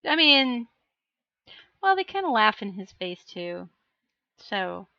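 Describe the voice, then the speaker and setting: A woman's voice: mid-range voice, big pitch swings, takes it slowly, gravelly, smooth, dry recording, muffled recording. A woman live streaming as she paints miniatures, chatting casually and self-deprecatingly while answering her chat.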